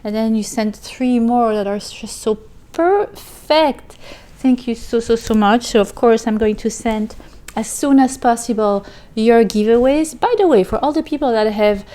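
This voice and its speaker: A woman with a slightly high voice hosts a casual crochet vlog. She gushes and thanks viewers again and again, piling up "so, so much" as she opens their packages. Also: unhurried, dark tone. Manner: gushing, effusive, repeats "so, so much". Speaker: crochet channel host. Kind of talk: casual vlog, opening mail on camera.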